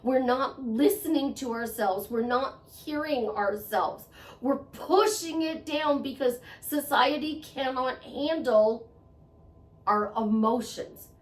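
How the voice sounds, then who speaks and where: A woman talks through a motivational monologue in an earnest, conversational way, coming back to the same phrases to press a point. Her voice sits on the higher side. The recording is echoey, with her set back from the microphone. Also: takes it slowly. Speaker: self-help vlogger. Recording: echoey room, voice a bit far from mic.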